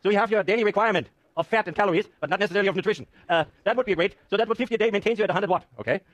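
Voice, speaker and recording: A male professor teaching a lecture hall full of students, talking at a rapid clip with a slightly raised pitch. He jokes and teases his audience as he works through the numbers. His voice sounds close and dry, with little room sound. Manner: joking, animated, self-mocking. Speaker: university professor. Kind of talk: classroom lecture with live demo.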